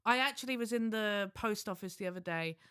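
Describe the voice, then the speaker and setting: A man's voice: high-pitched, fairly quick, bright, forceful tone, clean tone, dry recording, studio quality. A man co-hosting a podcast, chatting casually in a rambling, self-mocking way with restarts. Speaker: podcast co-host. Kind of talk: casual chat.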